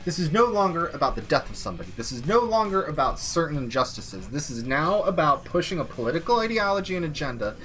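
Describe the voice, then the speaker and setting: A man's voice: on the high side, big pitch swings, fast, few pauses, a bit bright, soft background music. A young American man ranting profanely on a political commentary stream. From United States.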